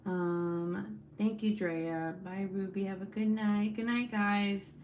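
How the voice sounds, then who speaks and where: A woman's voice: mid-range voice, fairly even intonation, slow pace, a little mellow, slight background noise. A woman hosting a casual livestream, reading out chat comments, laughing often and swearing freely.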